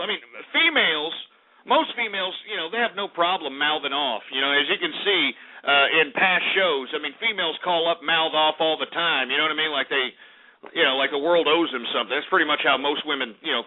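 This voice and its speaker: A male call-in radio host, ranting in a profane, abrasive way. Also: a little high. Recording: tinny lo-fi radio archive with faint music.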